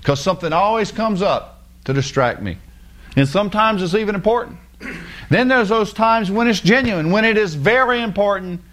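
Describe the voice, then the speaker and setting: A man's voice: high voice, expressive, moderate pace, fairly bright tone. A man preaching a casual, folksy sermon in plain everyday words. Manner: folksy, plain-spoken, mimics people with sing-song voices.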